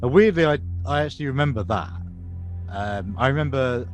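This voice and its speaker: A man's voice: medium pitch, a little fast, soft background music. A man in his thirties from England, co-hosting a casual podcast and telling a spooky local story. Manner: animated, tells a spooky tale in a storytelling voice. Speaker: podcast co-host.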